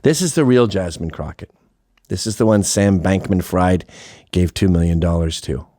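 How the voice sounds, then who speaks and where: A man's voice: sits low, normal speed, dark tone, no echo, studio quality. A man hosting a show, giving sardonic, profane commentary over clips. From Canada. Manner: profane and mocking. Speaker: host.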